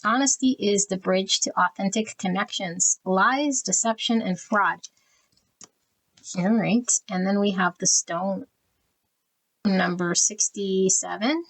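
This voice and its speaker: A woman giving a pick-a-card tarot reading, talking quietly and evenly and reading card meanings as lists of words. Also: measured pace, poor audio. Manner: quiet, even and low-key, trying not to be loud early in the morning. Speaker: tarot reader.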